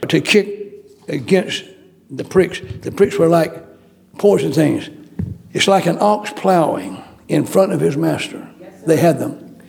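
Male preacher, high voice, gravelly, repetitive emphatic delivery, sermon. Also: darkish tone.

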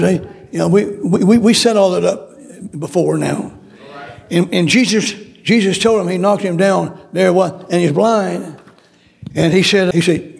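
Here a man preaches at a measured pace in a high-sitting voice with vocal fry. Repetitive and emphatic, he acts out the lines spoken by figures in his story.

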